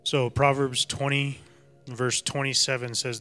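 A man reads a passage and reflects on it for the congregation in an unhurried, thoughtful way. His voice sits at a middle pitch with a bright, forceful edge. Faint music runs behind him. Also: fairly even intonation. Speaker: co-teacher in a congregation. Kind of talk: sermon reflection.

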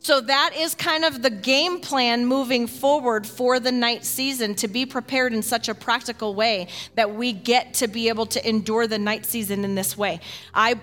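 A woman pastor preaching a sermon in an animated, folksy way, with quick casual asides and rising excitement. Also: a little high.

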